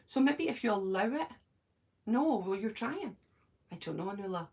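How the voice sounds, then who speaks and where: A woman's voice: medium pitch, animated, moderate pace, darkish tone. A Scottish woman chatting casually on a live stream from her home, answering viewers' comments by name and thinking aloud. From Scotland.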